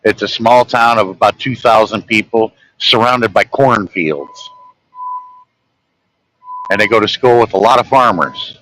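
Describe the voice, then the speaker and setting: A man's voice: fairly low pitch, measured pace, a bit bright, rough recording. A middle-aged man vlogging from his truck, telling rambling, folksy stories and acting out quoted talk. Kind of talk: casual storytelling while driving.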